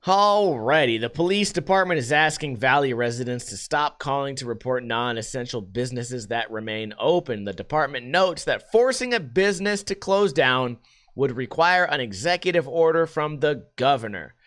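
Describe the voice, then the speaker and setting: A man's voice: mid-range voice, lively intonation, moderate pace, fairly bright tone. Exasperated swearing man reading the news. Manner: profane, exasperated, sarcastic. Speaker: podcast host. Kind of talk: casual reading of the news with rants.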